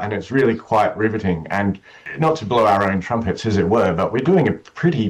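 Man, lowish voice, rough morning voice, enthusiastic, explanatory, stumbles and restarts. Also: rough recording. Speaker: conductor. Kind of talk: radio interview about a concert program.

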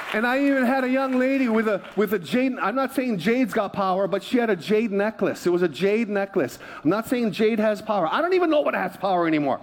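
A man's voice: high-pitched, background noise. A male pastor preaching a sermon in a church, telling stories in a conversational, joking way. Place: church sanctuary.

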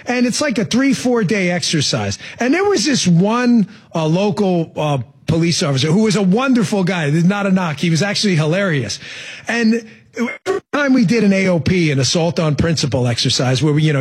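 A male radio host delivers a rambling, sarcastic monologue in a husky, slightly breathy voice. He sits fairly high and swings his pitch widely as he tells stories and fires off quick asides. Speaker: radio talk show host.

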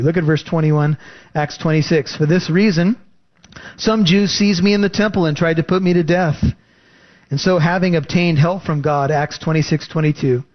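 A man preaching a sermon, reading scripture and explaining it with lively emphasis. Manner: animated, rising pitch for emphasis. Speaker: pastor. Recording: dull lo-fi recording.

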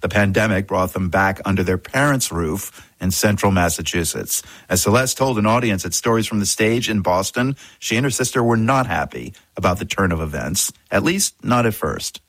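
Low-voiced male radio host, dry studio. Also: expressive, a bit bright, no echo. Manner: measured, conversational reading. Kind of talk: scripted broadcast presenting. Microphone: studio microphone.

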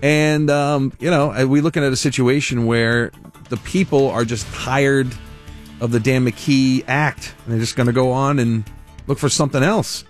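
A man's voice: mid-range voice, steady tone, normal speed, soft background music. A man hosting a talk radio show who talks in a rambling, chatty way, repeats himself and stops to correct himself mid-sentence. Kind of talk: rambling live ad read.

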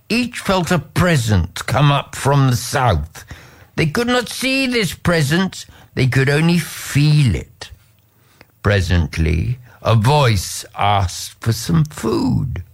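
A man telling a folk tale at an unhurried, deliberate pace. His pitch rises and falls with lively expression as he leads the listener through the story.

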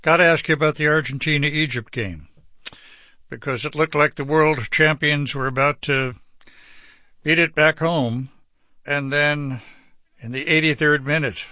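A male interview host asks his guest brisk, friendly questions. His voice is bright and slightly high for a man, and it sounds close and dry with no room around it. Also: steady tone, no room sound.

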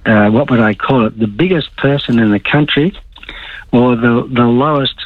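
A man's voice: medium pitch, normal speed, no echo. An older Australian man calling a talk radio show, rambling and searching for words as he gives blunt opinions. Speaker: caller. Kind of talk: casual talk radio call. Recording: tinny phone line.

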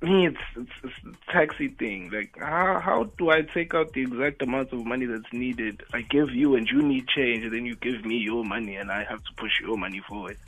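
A male caller speaking over a phone line. He tells his story with restarts and laughter. His voice is husky and mid-pitched. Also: moderate pace, few pauses, fairly bright tone. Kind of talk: phone-in chat.

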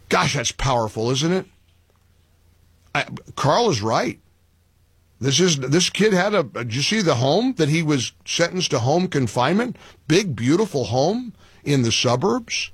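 A man's voice: fairly high pitch, sing-song, a little slow, breathy edge, no room sound. A man hosting a talk radio show, speaking emphatically with sarcastic asides and taking callers.

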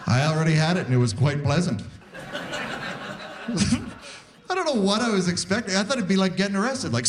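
A man's voice: high-pitched, a little fast, long pauses. A man in his forties from Canada doing a stand-up comedy set on stage, acting out the voices he quotes. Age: 40s. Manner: animated, acts out quoted voices. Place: live on stage before a theatre audience. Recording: live show with crowd noise.

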